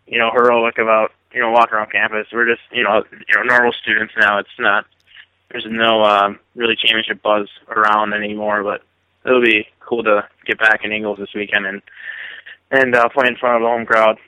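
Young man, college athlete, very bright tense voice, dry close sound, halting filler-heavy talk. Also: fairly low pitch, little pitch movement, no echo, low-quality recording. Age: 20s. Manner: halting, full of "you know" fillers. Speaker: college hockey player. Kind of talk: casual interview chat.

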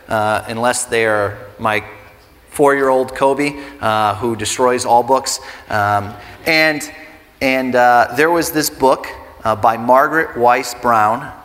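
A man's voice: mid-range voice, a bit bright. A man in his thirties preaching a sermon as a pastor, talking conversationally and building to earnest emphasis. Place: church sanctuary. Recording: reverberant hall with faint music.

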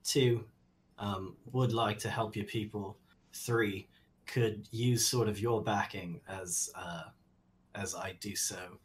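A man speaking as a player in a tabletop game, halting and hesitant with many fillers. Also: fairly low pitch, steady tone, slight background noise. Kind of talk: playing a character in a tabletop game.

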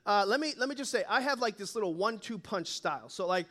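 High-voiced animated pastor man. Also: brisk. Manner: animated, joking storyteller. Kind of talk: sermon.

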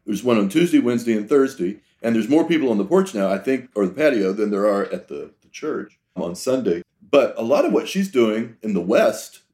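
A man with a fairly low voice hosts a conversational podcast. He talks in a reflective, thoughtful way and builds his points through long metaphors. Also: sing-song, brisk, hardly any pauses, a little mellow. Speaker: podcast host. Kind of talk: conversational interview.

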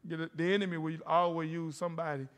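Man, middle-aged, high-pitched preacher, storytelling sermon, echoing church hall. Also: flat delivery, fast, fairly bright tone. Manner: storytelling, calls out to the congregation. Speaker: pastor. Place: church sanctuary. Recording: long hall reverb.

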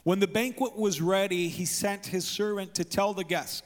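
A male pastor preaching a sermon, telling the story in a lively way and acting out the people in it. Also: sits high, normal speed, hardly any pauses. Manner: storytelling, acts out scenes in voices. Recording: long hall reverb.

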